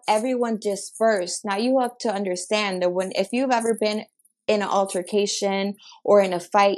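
Woman from Chicago telling a vivid story. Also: medium pitch. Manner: animated, acts out quotes in her own voice. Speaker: podcast guest. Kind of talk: casual testimony storytelling.

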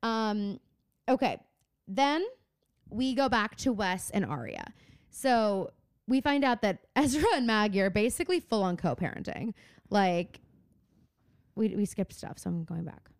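A woman co-hosts a podcast, recapping a TV episode in casual chat, swearing freely and acting out the characters' lines. Her medium-pitched voice has lively intonation and a clean tone, a little slow with long pauses. The recording is clean studio sound with no room sound.

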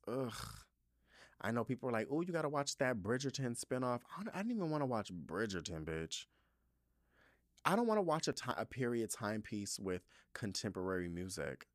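A man's voice: mid-range voice, dry recording, clean studio sound. A young man hosting his own podcast, chatting casually and sassily with lots of playful swearing and asides. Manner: sassy, expressive, frequent swearing and playful asides. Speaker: podcast host. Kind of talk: casual solo podcast chat reading listener reviews.

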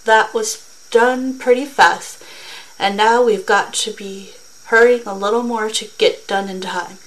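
A woman reading aloud, voicing a brisk man who runs a village lottery and hurries everyone along. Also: mid-range voice, fairly even intonation, lightly acted, low-quality recording. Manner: businesslike, hurried.

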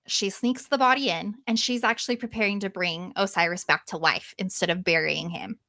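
Woman telling a story, lively and casual. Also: mid-range voice, no room sound. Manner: lively, casual swearing, acts out quotes. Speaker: podcast host.

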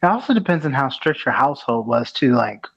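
A man co-hosting a podcast, telling a story in a measured, casual way. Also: medium pitch, very animated, fairly bright tone, husky, no room sound. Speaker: podcast co-host. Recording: muffled lo-fi audio.

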